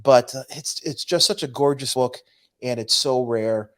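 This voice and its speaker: A man co-hosting a casual podcast about comic books, talking in an easygoing, hesitant way with frequent pauses and restarts. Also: mid-range voice. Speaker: podcast co-host.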